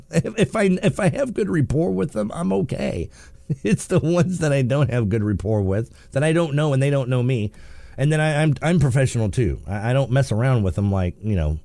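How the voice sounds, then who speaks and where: A man's voice: medium pitch, expressive, normal speed, creaky, warm tone, dry recording. A man hosting a morning radio talk show, joking and teasing, acting out little scenes in put-on voices. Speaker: radio host. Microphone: studio microphone.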